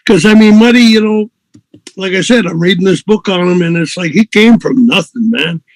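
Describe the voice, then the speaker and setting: A man's voice: high-pitched, moderate pace, no echo, rough recording. An older man, a musician and host, telling a story in a rambling, chuckling way with many fillers. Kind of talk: casual storytelling.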